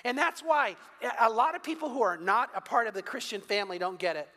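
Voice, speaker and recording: Preaching in a church sanctuary, an older male pastor mixes storytelling and humor in a conversational sermon. His very high voice is expressive, brisk, pushed and bright, and the recording carries long hall reverb.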